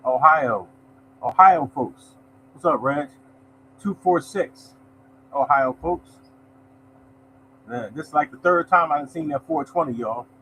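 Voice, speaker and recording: A man runs a casual live lottery show, slightly high-voiced and loose in tone. He keeps up a friendly running chatter, greeting viewers and saying "y'all" often. A faint background hiss sits under his voice. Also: takes it slowly, pauses often, sharp tone, poor audio. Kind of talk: casual live-stream chat, reading results.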